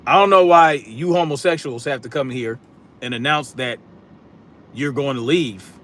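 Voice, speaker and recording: A man's voice: medium pitch, normal speed, a bit bright, a little hiss or hum. A man hosting a political live stream, talking bluntly and combatively, projecting his voice, reading chat comments, and using casual slang. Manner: casual slang, repeats catchphrases.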